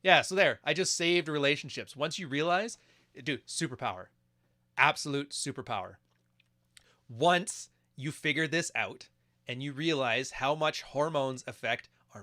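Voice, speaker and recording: A man's voice: mid-range voice, sharp tone. A man giving crude, mocking casual commentary while reacting to videos. He keeps acting out quoted voices.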